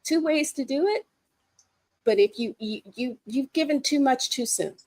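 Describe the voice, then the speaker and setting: A woman co-hosting a casual chat, animated and laughing often. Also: high-pitched, normal speed. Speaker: co-host.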